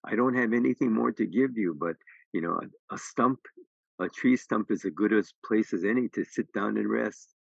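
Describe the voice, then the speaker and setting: A man voicing a selfless, gentle talking tree in a told children's story, with his voice a little raised. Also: lowish voice, moderate pace, vocal fry, breathy edge, no room sound, lo-fi sound. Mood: gentle, offering.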